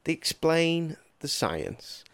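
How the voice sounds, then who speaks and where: A man's voice: fairly high pitch, sing-song, takes it slowly, vocal fry, dry recording. A man co-hosting a casual podcast chat, rambling and joking at his own expense. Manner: rambling, jokey, self-deprecating. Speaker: podcast co-host.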